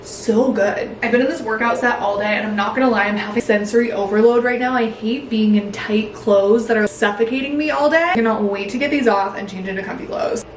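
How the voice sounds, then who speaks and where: A woman's voice: on the high side, fairly quick, few pauses, recorded from a distance. A young woman in her twenties chatting casually and upbeat in a home vlog, swearing now and then. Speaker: lifestyle vlogger. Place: home, indoors. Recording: roomy home echo.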